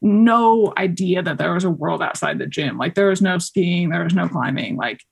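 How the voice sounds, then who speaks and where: Young woman, podcast guest, gravelly and husky, chatty storyteller heavy on fillers. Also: on the low side, normal speed. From Colorado. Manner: chatty, many fillers, acts out quoted voices. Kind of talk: casual interview chat.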